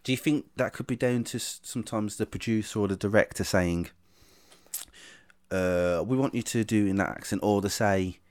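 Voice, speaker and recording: A man hosting a casual chat, asking questions in a halting way with many restarts. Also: lowish voice. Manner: halting, lots of ums and restarts. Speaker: actor, podcast host asking questions.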